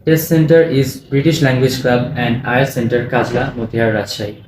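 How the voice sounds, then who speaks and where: A man's voice: medium pitch, fairly even intonation, a little mellow. Formal examiner man. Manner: brisk, formal, reads set questions. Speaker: exam examiner. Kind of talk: formal test prompts. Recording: echoey room with faint noise.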